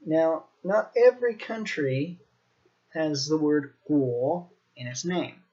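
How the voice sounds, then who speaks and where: An American man teaching a language lesson on video, in a relaxed manner, repeating words slowly for learners. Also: on the high side, muffled recording. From United States.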